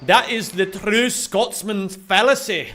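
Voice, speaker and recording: A man voicing a mock-proud Scotsman in a slow, exaggerated Scottish brogue. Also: high-pitched, bright, forceful tone, exaggerated voice. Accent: put-on Scottish.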